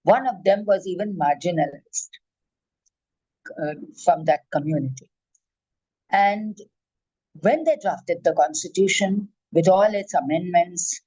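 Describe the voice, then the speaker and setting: Older woman, former judge lecturing; warm mellow tone, dry close sound, measured and emphatic. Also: fairly low pitch, no room sound, muffled recording. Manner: measured, emphatic, enumerating points. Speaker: former judge, guest speaker.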